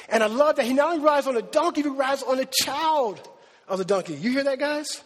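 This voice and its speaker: A man preaching a sermon with animated, emphatic delivery, repeating words for stress. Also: very high voice, a little fast. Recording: long hall reverb.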